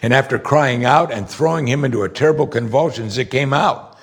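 A man delivering a sermon in a conversational way, his voice a little husky. He explains passages patiently, then climbs high in pitch when he presses a point hard. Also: fairly quick. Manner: conversational preaching, rises sharply when emphatic. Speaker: pastor.

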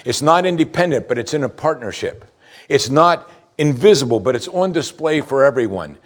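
A male pastor preaches with emphatic delivery. His voice sits at a middle pitch, and it rises in loud stresses before dropping to quiet, low asides. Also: expressive, normal speed. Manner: emphatic preaching, rising and falling in volume. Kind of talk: sermon.

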